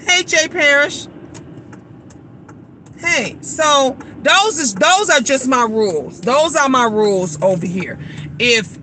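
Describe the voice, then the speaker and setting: A woman in her fifties talks straight to her phone camera after her shift, blunt and animated, acting out the people she quotes. Her voice sits high and bright. A faint hum of a vehicle runs underneath. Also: takes it slowly, pauses often. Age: 50s. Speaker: vlogger. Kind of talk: casual chat.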